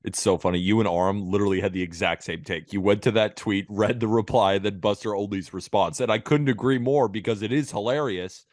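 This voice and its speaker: A man's voice: fairly low pitch, fairly even intonation, brisk, hardly any pauses, no room sound, clean studio sound. A man co-hosting a casual sports podcast, ranting in a heated, emphatic way that builds as he goes. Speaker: co-host.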